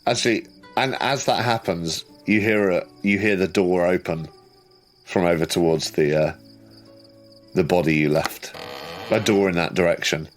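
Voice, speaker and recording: A man's voice: low-pitched, normal speed, faint music behind. A man narrating as game master of a tabletop horror game, casual and hesitant with many restarts.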